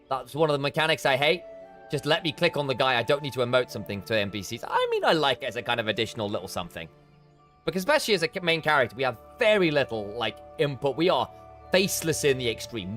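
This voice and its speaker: Brief: male game streamer, casual rambling commentary, very animated intonation. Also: medium pitch, quick pace, faint music behind. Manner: rambling, chatty, self-interrupting. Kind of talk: let's play commentary.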